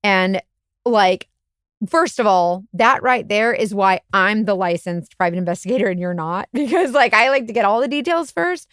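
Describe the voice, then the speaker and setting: A woman's voice: normal speed, clean tone, dry recording, studio quality. A woman, a private investigator co-hosting a podcast, telling a story in casual chat and acting out the quotes with big jumps in voice. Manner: animated, acts out quotes with big pitch jumps.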